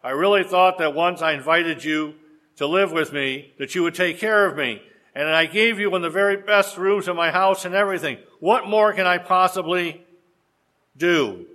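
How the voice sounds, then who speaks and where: A man's voice: high-pitched, moderate pace, sharp tone. A man preaching voices a tired rich young man who pleads and questions plaintively.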